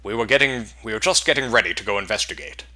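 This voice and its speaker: A man voicing a calm, proud male warrior in a fantasy game, measured and commanding. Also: on the low side. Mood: resolute.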